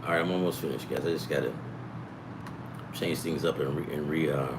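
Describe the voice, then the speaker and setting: A man's voice: very deep voice, steady tone, a little fast, noisy background. A middle-aged man hosting a sports betting talk, rambling and profane, jumping from topic to topic. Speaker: sports betting show host. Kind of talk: rambling casual chat.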